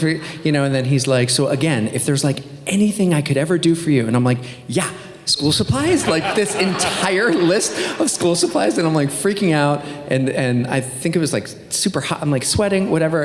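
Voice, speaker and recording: Man telling stories in an echoey hall. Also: medium pitch. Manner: animated anecdote telling, playful. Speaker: panel guest. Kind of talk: convention panel storytelling. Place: large convention hall.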